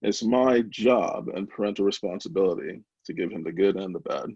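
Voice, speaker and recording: A man's voice: low voice, a little fast, a little mellow, husky, dry recording, dull audio. A man, founder of a small company, talking candidly in an interview, open and emotional, with many fillers and restarts. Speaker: brownie company founder, guest.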